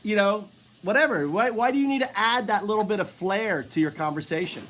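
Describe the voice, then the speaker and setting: A man's voice: sits high, fairly quick, fairly bright tone, slight background noise. A man teasing and provoking a stranger in a casual video chat. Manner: teasing, provocative, laughs often. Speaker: streamer chatting with strangers.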